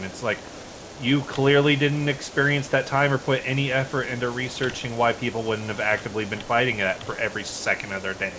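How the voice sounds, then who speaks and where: A man rambles through his opinions in casual stream chat, cursing freely. His pitch sits in a middle range. Steady background noise sits under the voice. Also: a little fast. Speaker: streamer co-host. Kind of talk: casual chat while gaming.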